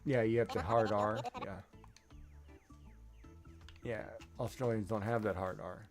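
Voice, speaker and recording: A man's voice: lowish voice, steady tone, measured pace, soft background music. A man streaming a game, chatting casually and rambling, often checking in with "right?". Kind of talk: casual chat while gaming.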